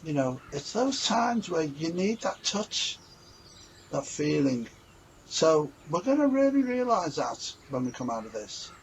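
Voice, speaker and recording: A man's voice: a little high, big pitch swings, measured pace, vocal fry, muffled recording, slight background noise. A man talking earnestly and a little ramblingly in a casual reflective vlog. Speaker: vlogger.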